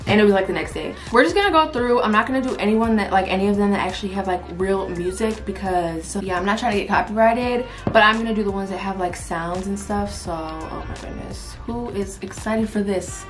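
A woman's voice: medium pitch, a little fast, few pauses, music in the background. A woman in her twenties chatting casually to camera as a vlogger, laughing often and swearing freely. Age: 20s. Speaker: vlogger reacting to old videos.

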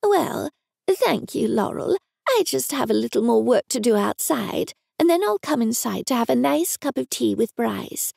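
A woman's voice: fairly high pitch, sing-song, moderate pace, gravelly, a little mellow, no echo, studio quality, pitched above the performer's own voice, heavily acted. An Australian woman voicing a stern, prim, disapproving older mother.

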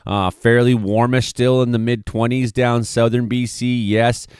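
A man's voice: mid-range voice, level tone, unhurried, darkish tone, smooth, no echo, clean studio sound. A man giving a casual, rambling weather forecast, with sarcastic asides and plenty of swearing. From British Columbia, Canada. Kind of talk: casual forecast commentary over weather maps.

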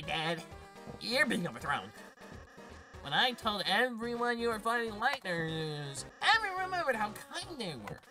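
A man voicing a cocky young prince, yelling high and excited. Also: exaggerated voice, poor audio.

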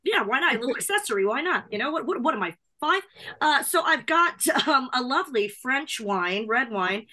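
Bubbly high-voiced woman co-host. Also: very animated, sharp tone. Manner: bubbly and quick, laughing often. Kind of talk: casual chat over drinks.

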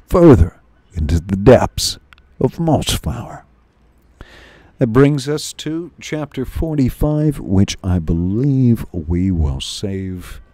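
A man reading a novel aloud as the host of a story stream, with unhurried, expressive narration. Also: lowish voice, no room sound.

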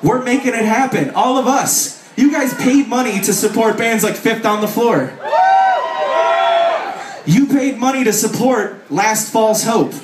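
A man from the area, giving a loud, profane comic talk to a festival crowd from a stage, swearing and putting on mock voices. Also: very high voice, a little slow, very noisy. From Chicago area. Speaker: author speaking at a music festival. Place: festival stage at a bar venue. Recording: echoey live venue, mic heard from a distance.

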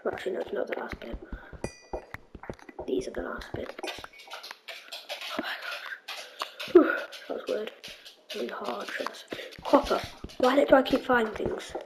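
A woman's voice: a little high, measured pace, gravelly, long pauses. A woman hosting her gaming channel, rambling to herself during play-along commentary and now and then dropping into whispers. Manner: rambling self-talk, dipping into whispers. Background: loud game music.

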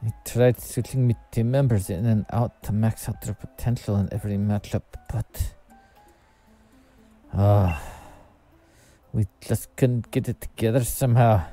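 A man voicing an anxious, self-doubting teenage boy rival trainer, talking slowly and gloomily. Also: fairly even intonation, warm tone, faint music behind, lightly acted. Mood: downcast. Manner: slow, gloomy self-talk that spirals into high strained cries.

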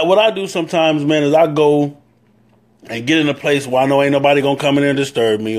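A man with a Southern US accent giving a live-stream talk, preaching on brotherhood and greeting viewers by name as he goes. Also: mid-range voice. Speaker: motorcycle club leader.

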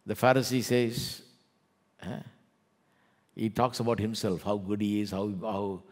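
Indian guy preaching, lowish husky voice, big echoey hall. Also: unhurried. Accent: Indian English. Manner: animated preaching, acts out scoffers. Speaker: pastor. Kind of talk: sermon.

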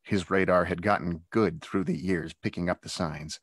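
A man with a deep, low voice reads his own adventure story aloud, steady and expressive. The sound is dry and close, with no room echo. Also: moderate pace. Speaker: author reading his own book. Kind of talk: storybook read-aloud narration.

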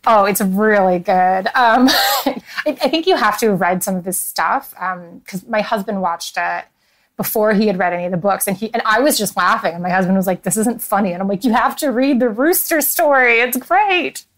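Giggly, animated woman guest. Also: medium pitch, brisk. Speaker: podcast guest. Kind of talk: casual chat.

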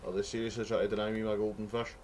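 A young Glaswegian man from Scotland delivers let's play commentary while gaming, sweary, rambling and mock-outraged. His fairly low, flat-pitched voice is rapid-fire with a darkish tone, and there's a little hiss or hum.

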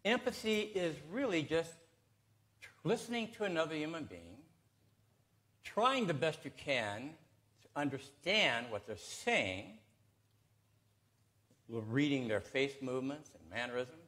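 A pastor preaching in a church, his voice rising and falling across a wide span. He talks in a folksy way, pausing for effect and leaning into his punchlines. His natural pitch sits a bit high for a man. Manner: folksy, lively storytelling with pauses. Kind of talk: sermon with jokes. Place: church sanctuary.

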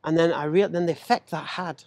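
High-voiced animated man. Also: fast, creaky, no echo. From England. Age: 40s. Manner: animated, laughing, acts out quoted voices. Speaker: podcast guest. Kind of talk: casual storytelling chat.

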